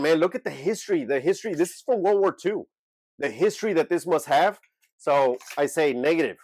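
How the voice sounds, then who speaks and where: A man's voice: a little high, no echo. A man hosting his own unscripted vlog about reselling, blunt and emphatic as he speaks straight to viewers. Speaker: eBay reseller and channel host. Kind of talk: unscripted talking-head vlog.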